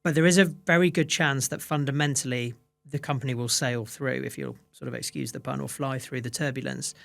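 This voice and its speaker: A man's voice: mid-range voice, fairly even intonation, a little fast, creaky, fairly bright tone. A man, a fund manager, answering interview questions with many restarts and fillers. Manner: hesitant restarts, many "you know"s.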